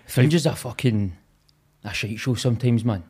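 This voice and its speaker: A young Scottish man chatting as a podcast guest, swearing freely and laughing through animated stories. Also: mid-range voice, normal speed, breathy edge. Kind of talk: casual chat.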